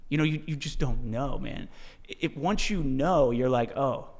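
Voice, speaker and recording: A man telling a story as a podcast guest, in a casual, animated way, swearing freely and restarting his sentences often. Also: mid-range voice, unhurried. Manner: animated, profane, many restarts and "dude". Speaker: podcast guest, ultra-marathon runner.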